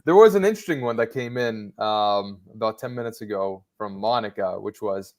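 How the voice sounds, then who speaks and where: A man's voice: lowish voice, lively intonation, a little fast, few pauses, darkish tone. Teasing male co-host reading challenges. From Italy. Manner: teasing, laughs between lines. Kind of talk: casual live-stream banter.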